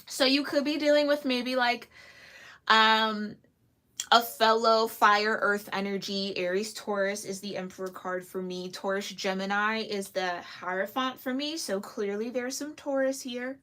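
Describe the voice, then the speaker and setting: A woman giving a casual tarot reading to camera, chatty and giggly with lively asides. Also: medium pitch, a little slow. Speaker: tarot reader.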